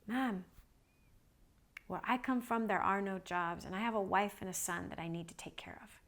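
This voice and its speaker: A woman speaking softly to quote a tired, humble male ship worker. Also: medium pitch, moderate pace, close to an everyday voice. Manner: soft, hushed quoting.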